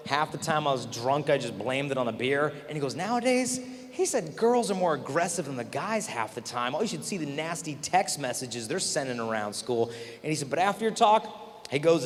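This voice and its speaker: Male speaker, mid-range pitch, lively storyteller who voices his characters, big echoing hall. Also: slight background noise. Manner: animated storyteller who acts out quoted dialogue. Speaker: speaker at a youth event. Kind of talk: motivational storytelling talk. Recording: long reverb of a big hall.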